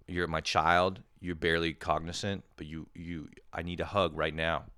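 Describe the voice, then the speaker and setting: A man hosting a podcast, rambling through a self-mocking comedic monologue, swearing often and breaking into sudden loud animated bursts. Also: low voice, a little slow, smooth, no room sound, clean studio sound. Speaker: podcast host.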